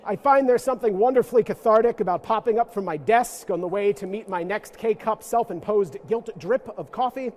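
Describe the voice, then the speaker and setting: High-voiced playful male lecturer. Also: a little fast, few pauses. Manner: playful, self-mocking, joking asides. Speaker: guest lecturer. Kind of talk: interactive lecture to a church audience. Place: church forum room.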